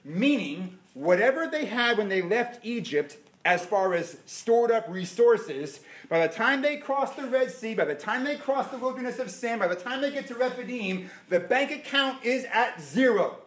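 A man preaching a sermon, animated and firing rhetorical questions at his listeners. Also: very high voice, normal speed. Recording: echoey room.

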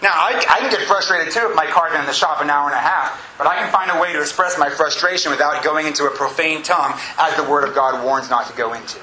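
A man with a fairly high, strikingly bright voice preaches a sermon as pastor. He pushes his points with drawn-out phrases and repetition. The sound carries the echo of a church room with a faint hum behind it. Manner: emphatic preaching with drawn-out pauses and repeats. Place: church sanctuary with congregation. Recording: echoey room.

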